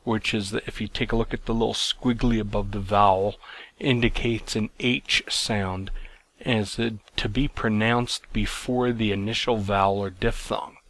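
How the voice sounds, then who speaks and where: A man teaching a recorded lesson, explaining in a plain, measured way with some fillers and restarts. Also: on the low side, fairly even intonation, fairly bright tone. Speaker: Greek teacher.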